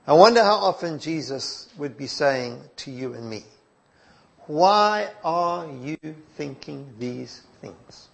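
A male preacher, delivering a sermon in a measured, emphatic way that drops to soft asides. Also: mid-range voice.

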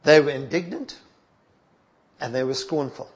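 A male preacher, delivering a sermon in a measured, emphatic way that drops to soft asides. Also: mid-range voice.

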